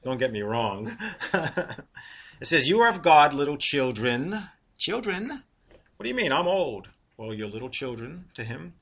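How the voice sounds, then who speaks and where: A middle-aged man preaching a sermon, animated and laughing at his own jokes, slowing down to read verses. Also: a little high, creaky, breathy edge.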